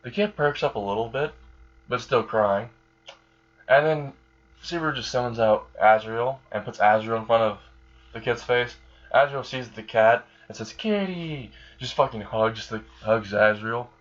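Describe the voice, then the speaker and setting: A man's voice: mid-range voice, steady tone, moderate pace, dull audio. Rambling casual male storyteller. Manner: rambling, casual, filler-heavy. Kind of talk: improvised fan story narration.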